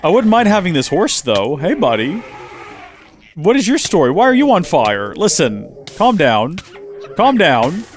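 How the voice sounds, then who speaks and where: Let's play host, male, slightly high voice, very animated, chats to himself while playing. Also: moderate pace, slight background noise. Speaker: gaming channel host.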